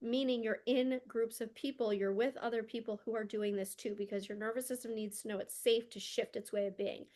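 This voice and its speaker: A woman's voice: a little high, fairly even intonation, a little fast, hardly any pauses, darkish tone. A woman talking as a spiritual mentor in a heartfelt motivational monologue, earnest and emotional, often saying "like", recorded at home. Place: home room with candles and rugs.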